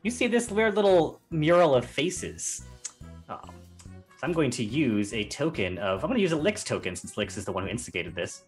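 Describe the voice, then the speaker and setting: Lively, rambling male game master. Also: mid-range voice, moderate pace, faint music behind. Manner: animated, rambling, laughing often. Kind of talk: narrating a tabletop game.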